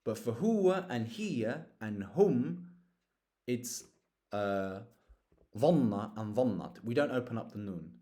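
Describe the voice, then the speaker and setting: A man's voice: medium pitch, animated, slow pace, dark tone. A man teaching an Arabic grammar lesson, patiently explaining roots and walking through verb conjugations one form at a time. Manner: patient, explanatory, spells out root letters and conjugations.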